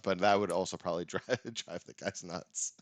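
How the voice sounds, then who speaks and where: A young man with a very low voice talks loosely, laughing and trailing off mid-thought, swearing as he goes. The sound is close and dry, with no room around it. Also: level tone, brisk, dry recording. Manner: laughing, rambling, swears casually. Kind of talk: casual chat.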